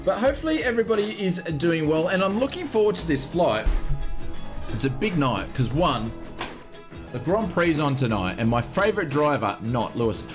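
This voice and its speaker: An Australian man hosts a live stream, cheerfully welcoming viewers one by one in a casual, chatty way. His voice sits high and swings widely in pitch. Faint music plays underneath. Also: big pitch swings, moderate pace. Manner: chatty, greets viewers by name. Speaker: flight sim streamer.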